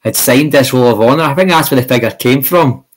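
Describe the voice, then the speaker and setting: A Scottish man hosting a podcast, chatting and asking questions in a relaxed, friendly way. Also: mid-range voice, brisk, poor audio. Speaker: podcast host. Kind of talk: interview chat.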